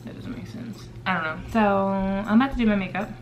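A woman's voice: medium pitch, fairly quick, slight background noise. A young woman vlogging casually to the camera, rambling and chatty with lots of fillers while doing her makeup at home. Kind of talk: casual vlog chat.

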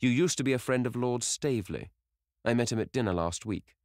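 A man voicing an earnest painter who speaks in a grave, deep voice to a friend he worries about. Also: brisk, no echo, clean studio sound, lightly acted.

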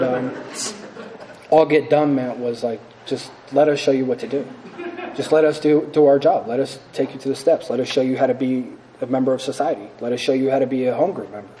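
Man, 30s, recovery speaker at a podium; rapid, earnest, self-deprecating testimony, faint room hum. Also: mid-range voice, mellow, poor audio. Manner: earnest, self-mocking, full of fillers. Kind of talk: personal testimony talk.

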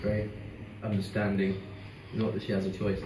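On stage at a live music club, a singer-songwriter jokes and chats easily with his audience between songs. His voice sits on the low side with a completely flat delivery and moderate pace, and the roomy live sound comes from a distant mic with loud guitar and background noise.

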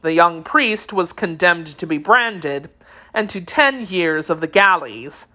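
A woman reading the part of a stern, vengeful male executioner in an audiobook, telling his account in a slow, solemn manner. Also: lowish voice, animated, bright, forceful tone, exaggerated voice. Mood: grim.

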